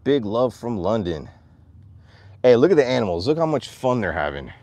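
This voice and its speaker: A man's voice: medium pitch, sing-song, moderate pace, darkish tone, no echo. Guy on his farm livestreaming, calling his animals all sing-songy, kinda out of breath, dry sound. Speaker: vlogger, farm owner. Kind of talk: casual livestream vlog. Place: outdoors on a farm.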